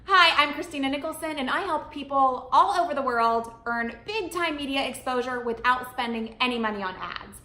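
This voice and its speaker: An upbeat, emphatic woman talks straight to camera, giving media advice in a chatty vlog. Her voice sits high and bright, and the room adds a noticeable echo around her. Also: lively intonation, normal speed, few pauses, faint music behind. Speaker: media coach and vlogger.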